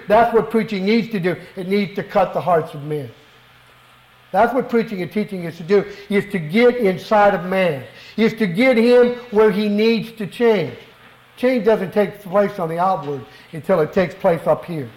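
A middle-aged male preacher with a high voice delivers a fervent, emphatic sermon in a church. He leans on rhetorical questions, and his words ring out in an echoey hall. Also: normal speed, darkish tone.

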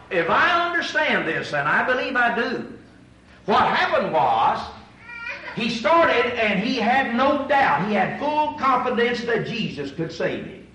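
A man preaching a sermon, animated, asking his audience rhetorical questions. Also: sits high, distant mic, slight background noise. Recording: echoey room, voice from away from the mic.

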